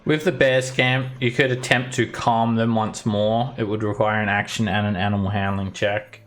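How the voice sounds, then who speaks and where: A man with a fairly low voice runs a tabletop game as dungeon master. He narrates loosely and describes each scene in detail. Faint music plays beneath him. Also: steady tone, moderate pace, fairly bright tone.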